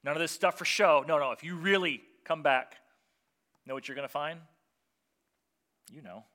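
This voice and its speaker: A man preaching a sermon as pastor, telling stories with lively acted-out voices and swinging between loud emphasis and quiet softness. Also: fairly high pitch, normal speed. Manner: animated storytelling, acting out voices of biblical figures.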